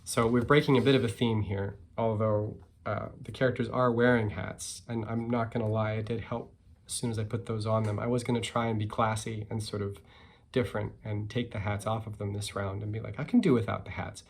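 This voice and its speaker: Relaxed man reading his picture book. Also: on the low side, brisk, slight background noise. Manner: relaxed, self-deprecating, with fillers. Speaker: picture book author and illustrator. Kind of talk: reading aloud and talking about his book.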